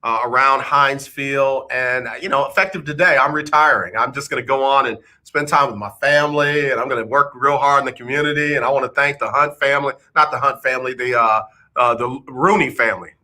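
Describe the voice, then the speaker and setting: A retiring veteran quarterback, as a man puts him on, reads a farewell statement in a slightly lower, earnest voice. He halts and stumbles over the thank-yous, bright and forward in tone. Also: fairly quick. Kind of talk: mock press statement on radio.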